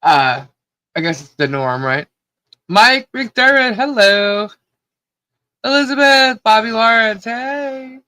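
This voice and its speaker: A podcast co-host with a hoarse voice, cheerfully greeting viewers one by one on a live stream. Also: mid-range voice, animated, takes it slowly, pauses often, bright, forceful tone, no echo. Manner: giddy, laughing, greets viewers by name.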